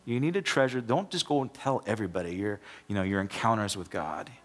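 Speaking fast in a lowish voice, a young man who is a pastor delivers a sermon in church, using a joke to make his point. His delivery is conversational, full of restarts and repeated words, and he performs the voices of quoted characters.

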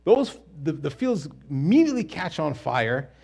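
A man teaching a Bible story in a casual, animated and jokey way, with quick asides and restarts. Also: fairly high pitch, creaky, slightly rough.

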